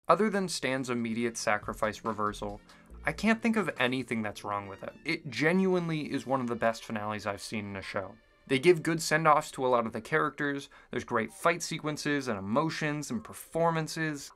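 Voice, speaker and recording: A man's voice: mid-range voice, a bit bright. A man in his twenties narrating a casual video review with wry, chatty asides. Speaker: YouTube reviewer.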